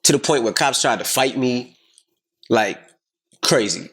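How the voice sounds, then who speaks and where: Animated, swearing man telling a story. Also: mid-range voice, unhurried, a little hiss or hum. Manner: animated, profane, acts out quotes loudly. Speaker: podcast co-host. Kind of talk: casual storytelling chat.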